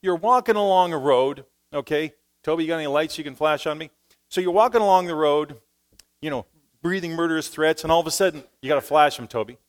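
A man preaching a sermon in church, swinging between quiet, low asides and loud, emphatic passages, speaking into a stage microphone. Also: fast talker. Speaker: pastor.

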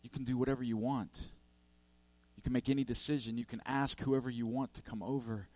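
A man voicing Jesus in a sermon parable, speaking gently and quietly as he explains. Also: medium pitch, fairly even intonation, a little fast, no echo, close to an everyday voice. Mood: calm. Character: calm, patient Jesus.

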